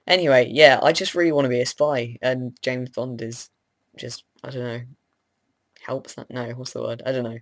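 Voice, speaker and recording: A man's voice: mid-range voice, steady tone, normal speed, no room sound. A young man, just woken up and groggy, rambling casually to camera with lots of hesitant ums and self-deprecating asides. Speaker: vlogger.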